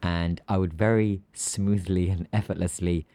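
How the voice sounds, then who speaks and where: A man with a British accent co-hosting a casual podcast, telling animated stories and acting out little scenes. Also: sits low, measured pace, no echo. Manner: animated storyteller, acts out scenes. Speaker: podcast co-host.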